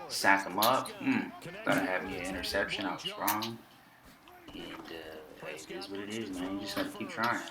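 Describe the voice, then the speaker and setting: A Texan man with a very low voice talks over his football video game, relaxed and full of slang and trash talk. The sound is roomy, with a loud stadium crowd from the game running behind him. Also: moderate pace. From Texas. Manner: laid-back, slangy, trash-talking. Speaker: gaming YouTuber. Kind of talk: casual game commentary.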